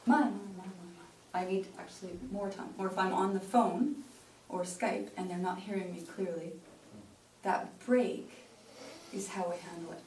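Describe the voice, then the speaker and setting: She's a Canadian pronunciation coach whose voice sits on the low side with a darkish tone, fairly even intonation and normal speed. In her workshop talk she demonstrates phrasing in short pieces. The mic is distant, giving a roomy sound with faint hiss.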